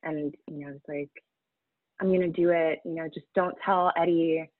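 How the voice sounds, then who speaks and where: A woman speaking candidly in an interview, halting and emotional, close to tears at times. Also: deep voice, fairly even intonation, dry recording. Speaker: guest sharing a personal story. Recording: tinny phone-like audio.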